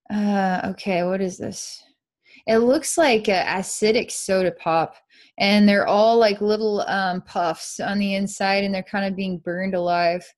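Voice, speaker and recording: A woman psychic leading a live energy-healing session, speaking softly with frequent sighs and dreamy, repetitive descriptions of what she sees. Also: mid-range voice. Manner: soft, sighing, repetitive, dreamy narration of visions.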